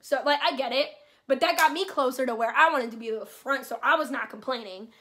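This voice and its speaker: A young woman telling a rambling, excitable concert story to camera, swearing freely. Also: sits high, a little fast. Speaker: vlogger. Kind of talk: casual storytelling.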